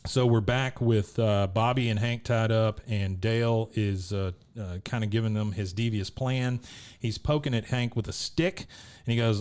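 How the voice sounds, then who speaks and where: A man's voice: lowish voice, fairly even intonation, moderate pace, a little mellow, clear, resonant tone. A man co-hosting a podcast, casually recapping an episode scene by scene and laughing at the characters. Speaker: podcast co-host.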